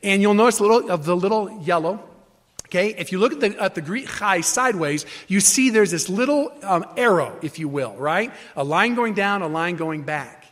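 A man's voice: sits high, animated, normal speed, a bit bright. A man preaching a teaching sermon, explaining Scripture with emphatic, repeated phrases and frequent restarts. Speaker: pastor.

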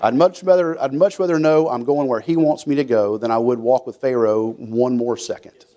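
A man's voice: mid-range voice, moderate pace, mellow. A man preaching a folksy sermon, acting out quotes and often restarting his sentences. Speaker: pastor.

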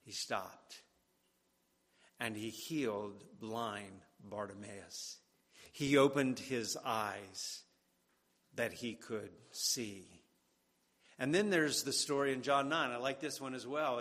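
A man preaching a sermon, deliberate and emphatic, repeating key words for weight. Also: mid-range voice, fairly bright tone. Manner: slow and deliberate, with emphatic repetition. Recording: long hall reverb.

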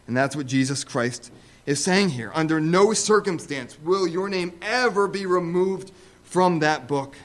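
Man, high voice, preaching, conversational asides, emphatic repetitions. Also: measured pace. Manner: emphatic, rising to loud repeated stresses. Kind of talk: sermon.

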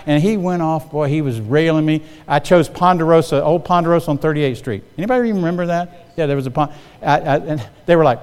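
Higher-voiced man preaching in a reverberant church. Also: fast, a little mellow, smooth. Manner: storytelling preacher, asks the congregation for amens. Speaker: pastor. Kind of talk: sermon. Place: church sanctuary. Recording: long hall reverb.

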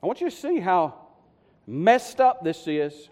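High-voiced man preaching in a hall. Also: measured pace. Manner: animated storytelling, conversational asides to congregation. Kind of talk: sermon. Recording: long hall reverb.

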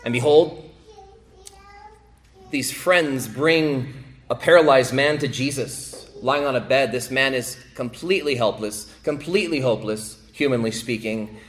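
A male pastor preaching a sermon, repeating phrases for emphasis and swinging between raised, emphatic passages and hushed, quiet ones. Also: medium pitch, measured pace.

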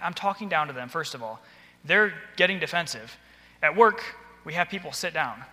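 Guy teaching church workers, bright forceful voice, big hall echo. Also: a little high. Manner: animated, acts out soft and stern examples. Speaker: church ministry trainer. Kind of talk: practical training talk. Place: church auditorium. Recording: hall reverb.

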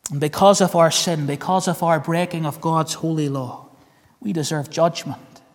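A man's voice: on the high side, fairly even intonation, normal speed. A man with a Northern Irish accent preaching a sermon, earnest, repeating key phrases and calling listeners friend. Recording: long hall reverb.

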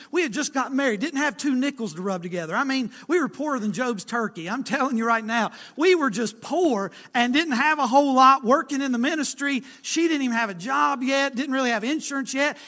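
A man in his forties preaching with a folksy, storytelling delivery. His voice sits very high for a man and rings bright and forceful, rising and falling as he drives each point home. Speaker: pastor. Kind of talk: sermon.

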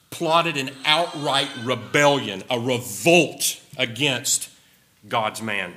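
A man's voice: medium pitch, expressive, measured pace, pushed and bright. A man preaching a sermon with emphasis, repeating key phrases and sometimes wandering off his notes. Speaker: pastor.

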